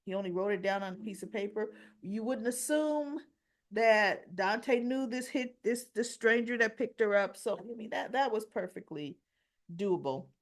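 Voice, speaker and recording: A woman's voice: medium pitch, moderate pace. A woman giving a casual soap opera episode recap, chatty and opinionated, acting out the characters' lines as she goes.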